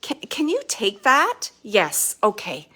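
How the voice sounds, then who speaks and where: A woman working as a psychic medium, giving a live spirit reading in a halting, emotional way with many fillers and restarts. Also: mid-range voice, huge pitch swings, sharp tone, husky.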